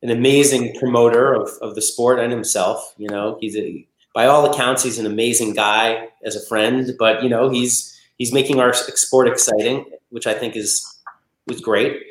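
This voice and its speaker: A man hosts a casual podcast interview, speaking with easy enthusiasm at a middling pitch. The recording has a roomy, echoey quality. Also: steady tone, moderate pace, a little hiss or hum. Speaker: podcast host.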